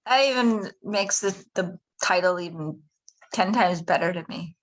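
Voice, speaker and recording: A woman's voice: on the low side, a little slow, low-quality recording. A woman hosting an interview over a video call, giving short, appreciative responses. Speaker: host. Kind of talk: casual interview.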